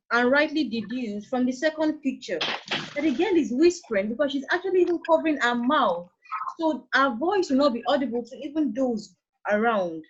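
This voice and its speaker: A woman's voice: sits high, husky. Nigerian woman teaching an online class. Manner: patient, coaxing, calls on students by name. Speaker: secondary school English teacher. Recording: dull lo-fi online call audio.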